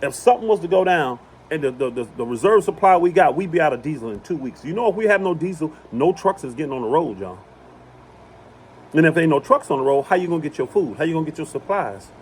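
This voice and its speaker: A man's voice: a little high, animated, quick pace, slight background noise. A man giving an impassioned religious talk outdoors on his property, hammering points home by repeating them. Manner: emphatic, repeats phrases for emphasis. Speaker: preacher.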